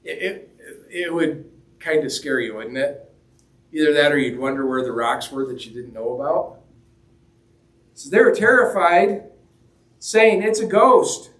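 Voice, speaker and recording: A man's voice: on the high side, expressive, a little slow, long pauses, a bit bright. A man preaching a sermon in a conversational, joking way, acting out the quoted lines as he goes. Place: church hall. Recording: roomy echo, mic at a distance.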